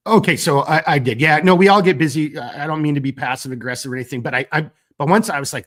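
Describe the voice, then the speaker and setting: A man with a slightly higher voice who is getting over a cold. He hosts a casual live stream, chatting loosely and working through viewer comments. His talk rambles, with lots of "you know" and "like" and the odd curse word. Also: fast talker, hardly any pauses, a bit bright. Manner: rambling, loose and chatty, with frequent fillers and mild cursing. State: fighting a cold. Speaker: gear company owner hosting a live stream.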